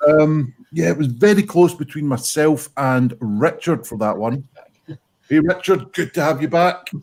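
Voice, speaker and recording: A man's voice: fairly high pitch, lively intonation, a little slow, darkish tone. A British man hosting an online pun contest, announcing scores and calling on players in a jokey, casual way. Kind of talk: casual online comedy chat.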